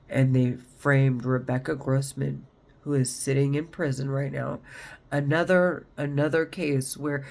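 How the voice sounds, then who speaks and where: A woman's voice: rumbling low, gravelly. A woman talking straight to camera in a rambling, agitated monologue, swearing often. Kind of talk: monologue vlog.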